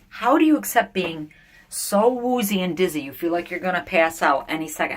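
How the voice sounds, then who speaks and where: Older woman, low voice, blunt and confessional, casual vlog talk from a sauna. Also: animated, a little fast. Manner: blunt, candid, venting, thinking out loud. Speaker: vlogger.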